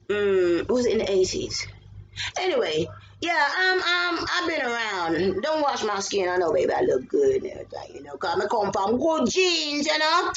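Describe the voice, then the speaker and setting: A woman's voice: medium pitch, highs cut off. A woman, chatting to camera in a casual, rambling vlog. She swears freely, wanders off topic and sounds a little tired. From England. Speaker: vlogger.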